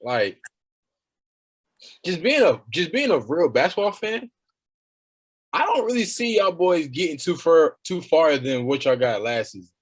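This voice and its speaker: A man co-hosting a podcast, trading casual sports banter in a loud, teasing way and talking over the others. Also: on the high side, very animated, a little slow, pauses often, slightly rough. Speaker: podcast co-host.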